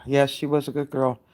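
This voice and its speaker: An older woman giving a halting, emotionally worn-out live update, greeting her viewers by name and using many fillers. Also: rumbling low, darkish tone. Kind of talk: live-stream chat update.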